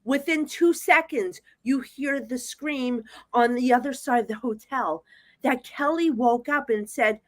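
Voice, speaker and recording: Animated New Jersey woman, higher voice. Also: a little slow, no room sound. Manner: animated storyteller, acts out quoted voices. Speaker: psychic medium guest. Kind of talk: casual chat.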